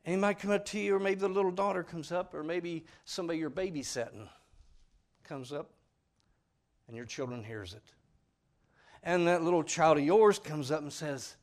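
Folksy preacher guy, earnest and pleading, kinda high voice. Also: moderate pace, long pauses. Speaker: pastor. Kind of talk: sermon.

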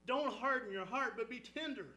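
A man preaching an impassioned sermon, swinging between loud exhortation and hushed storytelling. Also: moderate pace, rough recording. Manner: impassioned, rising and falling, drops low for storytelling. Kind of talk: fervent sermon.

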